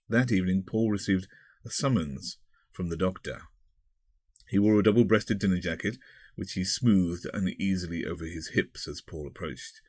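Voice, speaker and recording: Man narrating an audiobook, measured, lowish voice, dry close sound. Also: a little mellow, breathy edge, dry recording. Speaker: audiobook reader.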